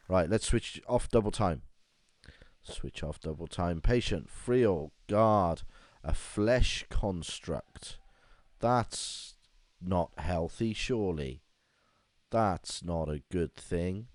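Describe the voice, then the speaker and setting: A man commenting on a game playthrough, reading the text aloud and breaking into animated rants. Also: sits low, no room sound. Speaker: gaming video host.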